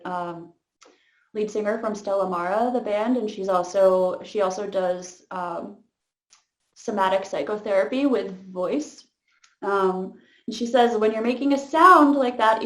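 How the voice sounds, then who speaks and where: A woman leading an interactive voice workshop, chatty and laid-back, laughing often and filling pauses with "um" and "like". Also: medium pitch, echoey room. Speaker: voice workshop leader.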